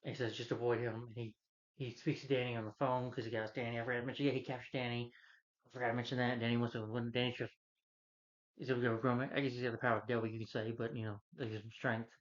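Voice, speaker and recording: A man in the middle of a loose, rambling movie review, working through the plot with fillers at every turn. His voice sits at an ordinary middle pitch. The recording has a slightly muffled, lo-fi quality. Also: flat delivery, very fast. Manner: loose, meandering retelling with many fillers. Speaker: film reviewer.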